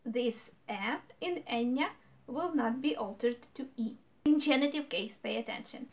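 A woman leads a grammar lesson in a high, light voice. She explains step by step at an unhurried pace and repeats each example word for clarity. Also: darkish tone. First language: Ukrainian. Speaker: language teacher.

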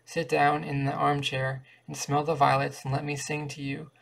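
A man reading the part of a tearful, adoring young woman pupil in a flat, gravelly voice. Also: a little high, normal speed.

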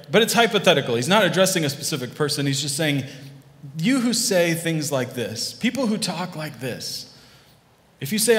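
A male pastor giving a conversational sermon, with frequent restarts and asides to the congregation. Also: a little high. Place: church hall. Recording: long hall reverb.

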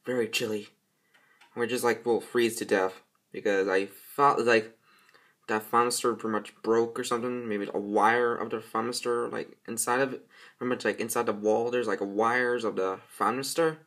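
A hobby performer voicing chatty little yellow creature workers in an amateur toy role-play, rambling and giggly. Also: mid-range voice, fairly even intonation, moderate pace, voice pushed down, natural voice. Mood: worried.

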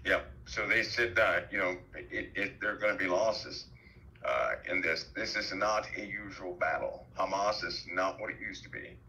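A man speaking on a headset as a guest on a talk show, halting, with many fillers and restarts. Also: deep voice, sharp tone, a little hiss or hum, poor audio. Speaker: guest commentator. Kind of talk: call-in talk show chat.

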